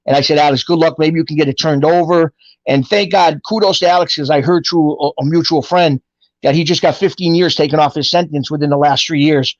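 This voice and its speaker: A middle-aged man tells stories from his life in a casual, animated way and acts out the voices of people he quotes. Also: on the high side, fairly quick, no echo, dull audio. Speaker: guest telling his life story. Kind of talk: casual storytelling.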